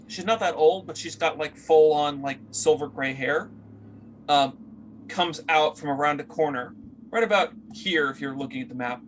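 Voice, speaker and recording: A man's voice: a little high, fairly bright tone, slight background noise. A man narrating as game master for a tabletop game, rambling with many fillers as he searches for words.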